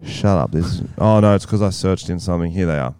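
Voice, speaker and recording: A man's voice: low voice, fast, dark tone, smooth, no room sound, studio quality. A young man co-hosting a podcast in casual, crude chat, swearing and laughing often. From Australia. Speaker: podcast co-host.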